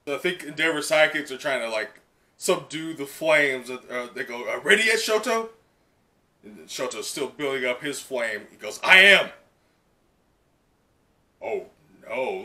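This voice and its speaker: Brief: male reaction host, rambling and excitable, with a bright, tense voice. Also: medium pitch, normal speed. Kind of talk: live comic reaction.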